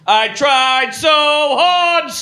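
A man impersonating a male rock singer with a put-on Cockney accent, rapping then belting loudly in a live comedy club. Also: very high-pitched, extremely slow, soft background music, pitched above the performer's own voice, full character voice. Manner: sung rap, loud and strained at the chorus. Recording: live club with crowd noise.

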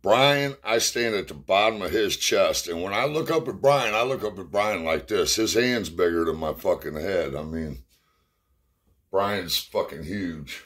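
A middle-aged man with a very low voice spins rambling, cuss-heavy stories from his past. He sounds a little short of breath as he talks, in a loose, casual way. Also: animated, a little slow, fairly bright tone. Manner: profane, rambling storyteller. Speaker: storyteller. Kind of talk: casual spoken memories.

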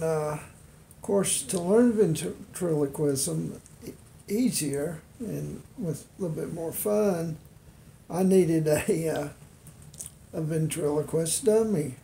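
A man speaking slowly in a gravelly, fairly high voice with a mellow, darkish tone. He rambles casually through a home vlog, self-deprecating and full of fillers. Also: a little hiss or hum. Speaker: beginner ventriloquist.

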